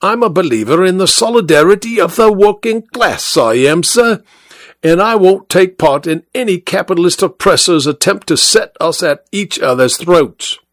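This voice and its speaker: A sanctimonious cab driver, voiced by a man, who speechifies at his fare. Raised, lively pitch that rises and falls like an orator's. Dry, close recording. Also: normal speed, dry recording. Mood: preachy. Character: preachy socialist male cab driver.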